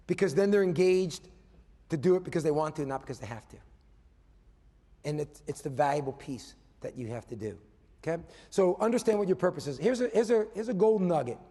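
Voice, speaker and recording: A male business coach delivers an animated motivational keynote to a live audience in a conference hall, shifting from loud emphasis to hushed asides and often ending points with a questioning "okay?". His voice is a little high and fairly quick, and the large hall adds a long reverb.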